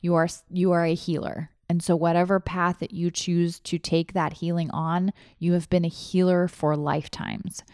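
A woman speaking in a fairly low, dry and close voice, with no room around it. She tells a personal story earnestly and emotionally, and rambles with frequent restarts. Casual podcast chat. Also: little pitch movement, normal speed, hardly any pauses, a little mellow, clear, resonant tone, dry recording.

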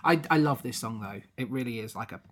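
A woman's voice: a bass voice, fast, slight background noise. Chatty woman acting out scenes. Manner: animated storytelling, acting out characters' lines. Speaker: podcast co-host. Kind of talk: casual chat about a musical.

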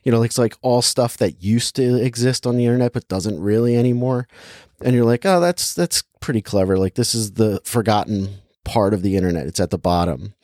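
A man's voice: fairly low pitch, fairly even intonation, fairly quick, mellow, no room sound, studio quality. A young man casually chatting and reviewing a movie, rambling with lots of filler words and laughing easily. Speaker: podcast co-host reviewing a movie. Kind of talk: casual chat.

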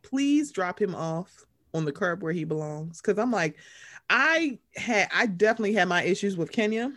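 A woman co-hosting a casual chat about reality TV, animated and acting out quoted lines in put-on voices. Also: normal speed. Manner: animated, acts out quoted voices with big pitch jumps. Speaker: podcast co-host.

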